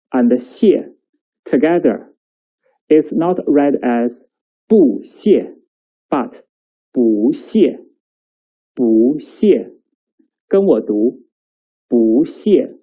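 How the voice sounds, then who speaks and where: A woman leads a recorded lesson at an unhurried pace. Her voice is deep and mellow, never bright. She says words slowly and carefully so the student can repeat them. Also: low-quality recording. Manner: slow, careful enunciation with drills for the listener to repeat. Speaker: Chinese language teacher.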